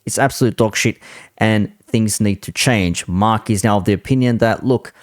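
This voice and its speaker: A man's voice: on the low side, moderate pace, no room sound, studio quality. A man hosting a reaction commentary, talking in an exasperated, casually swearing way. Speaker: commentary channel host.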